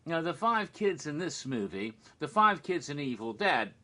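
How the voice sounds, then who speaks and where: A man ranting in exasperation about a horror film, swearing and breaking into loud bursts. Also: fairly high pitch, sing-song, normal speed. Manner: exasperated, profane, shouts in bursts. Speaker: horror vlogger. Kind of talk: ranting commentary.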